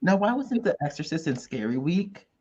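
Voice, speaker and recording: A man's voice: on the high side, sing-song, moderate pace, dark tone, muffled recording. A man co-hosting a podcast in casual chat, mostly adding short, dry remarks. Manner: brief, dry interjections. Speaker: podcast co-host.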